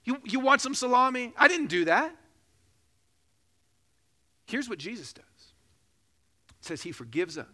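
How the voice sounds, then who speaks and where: High, bright-voiced male preacher. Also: very animated. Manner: preaching with rising emphasis, slowing for key phrases; jokes and laughs during a personal story. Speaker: pastor. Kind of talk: sermon.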